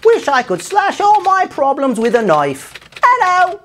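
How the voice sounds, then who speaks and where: A man putting on a high, reedy the Ripper. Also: wildly swooping pitch, measured pace, bright, forceful tone, slight background noise, full character voice. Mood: gleefully menacing. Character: sinister Victorian killer with a put-on cockney voice.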